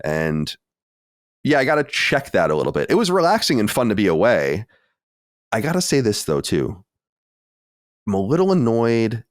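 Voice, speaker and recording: A man in his late thirties, a podcast co-host, telling an animated story with exasperated asides in casual chat. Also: on the low side, moderate pace, long pauses, no echo, clean studio sound. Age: 30s.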